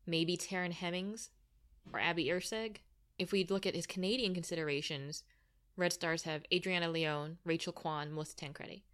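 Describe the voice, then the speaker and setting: A woman with a fairly low voice co-hosts a casual soccer podcast. She works through team lists methodically and slips in dry, teasing asides. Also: fairly even intonation, moderate pace, fairly bright tone. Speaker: podcast co-host.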